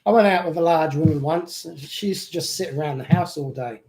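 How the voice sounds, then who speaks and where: A man's voice: a little high, a little fast, darkish tone, rough recording. A man from the UK with a British accent that has picked up some Australian, joking and reading viewer comments as co-host of a live chat. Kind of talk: casual live-stream chat.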